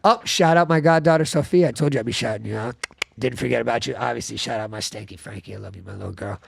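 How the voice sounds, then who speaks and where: A man hosting a casual podcast, telling animated stories and swearing freely. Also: medium pitch, quick pace, creaky, no echo. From South Florida. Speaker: podcast host.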